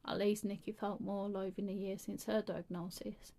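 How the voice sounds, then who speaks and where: A woman's voice: mid-range voice, little pitch movement, moderate pace, warm tone. A woman reading a creepy story aloud, stumbling and restarting often.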